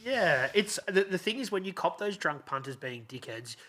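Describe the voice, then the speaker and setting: A man hosting a podcast, relaxed and encouraging his guest with short agreements. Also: high-pitched, normal speed. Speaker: podcast host. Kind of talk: casual interview chat.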